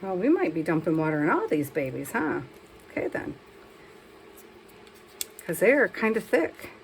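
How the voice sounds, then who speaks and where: A woman's voice: lowish voice, big pitch swings, moderate pace, poor audio. Crafty lady rambling along while she paints, talks to herself, faint hiss behind. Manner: chatty, self-talking while working, scolds herself. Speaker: craft vlogger. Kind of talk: casual crafting chat.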